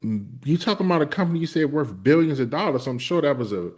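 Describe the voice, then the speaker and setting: A man's voice: fairly high pitch, expressive, fast, darkish tone. Curious man asking interview questions. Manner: curious, asks follow-up questions with backchannel mms. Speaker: host, interviewer. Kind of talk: casual interview.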